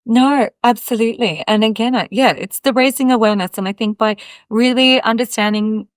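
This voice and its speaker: A woman's voice: a little high, brisk, no echo. A woman hosting an interview, speaking reflectively and often affirming her guest. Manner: warm reflective talk with frequent affirmations. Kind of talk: casual interview conversation.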